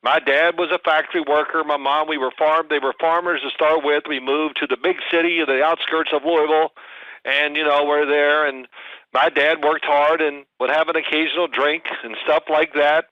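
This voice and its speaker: Older male guest, lively raconteur, slightly high voice, dull dry recording. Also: moderate pace, no room sound. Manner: animated storyteller, mimics shouting in anecdotes. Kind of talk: casual podcast chat. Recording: dry, muffled audio.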